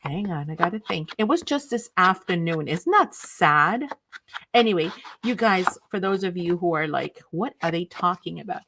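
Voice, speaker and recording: A woman's voice: on the low side, normal speed, noisy background. Chatty, enthusiastic woman craft host. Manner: chatty, rambling, enthusiastic, with many fillers. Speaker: craft live stream host. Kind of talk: casual chat with live viewers.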